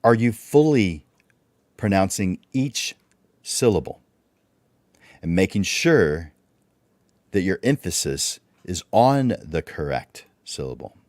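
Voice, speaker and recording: A man's voice: sits low, sing-song, slow pace, long pauses, a little mellow, dry recording, clean studio sound. A man presenting a livestreamed speaking workshop, instructive and full of rhetorical questions.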